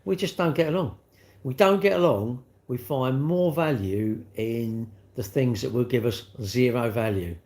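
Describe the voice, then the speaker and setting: A man's voice: mid-range voice, measured pace, a little mellow. A middle-aged man, hosting a casual live stream, chatting and ranting in a rambling way with lots of rhetorical questions. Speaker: livestream host. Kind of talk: casual live-stream chat reading comments.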